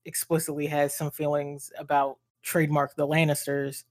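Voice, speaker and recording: A woman's voice: deep voice, level tone, moderate pace, darkish tone, no room sound, studio quality. A young woman co-hosting a casual book-discussion podcast, talking in a laid-back, wry way and often chuckling. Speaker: podcast co-host.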